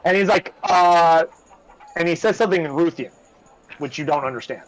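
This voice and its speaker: A man's voice: on the high side, normal speed, low-quality recording. A man narrating a tabletop game as game master, casual and rambling with many fillers.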